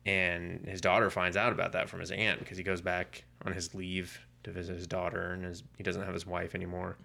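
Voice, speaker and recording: Male podcast co-host, low gravelly voice, animated storyteller. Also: brisk. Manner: animated storytelling, acting out quoted lines. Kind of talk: casual comic book podcast chat.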